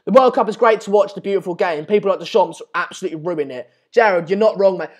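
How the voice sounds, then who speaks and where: Ranting football stream host. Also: male voice, sits high, fast talker. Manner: ranting, exasperated, repeats himself. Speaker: live match chat host. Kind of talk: live-streamed football chat.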